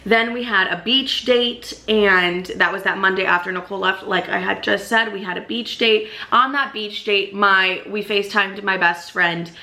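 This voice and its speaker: Bright-voiced young woman telling a vlog story. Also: mid-range voice, moderate pace, few pauses. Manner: swears a lot, animated, fills with "like". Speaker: vlogger.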